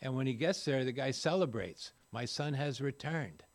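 A man's voice: medium pitch, moderate pace. An older man speaking at a recovery meeting, telling folksy, rambling stories with self-deprecating humor. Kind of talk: personal recovery talk to a group.

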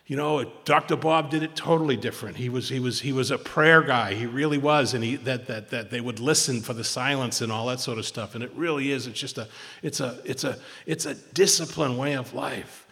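A man shares at a recovery meeting, rambling and restarting his sentences and repeating words as he goes. His voice sits at an ordinary middle pitch, and it rings with a long reverb from the hall he speaks in. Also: a little fast, gravelly, sharp tone. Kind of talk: informal talk at a recovery meeting.

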